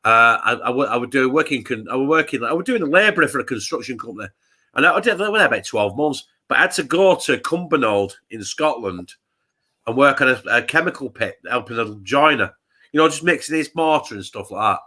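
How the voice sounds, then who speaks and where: A man's voice: medium pitch, animated, a little fast, bright, forceful tone. A man from England co-hosting a live football watch-along, telling a sweary story in casual chat. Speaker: co-host.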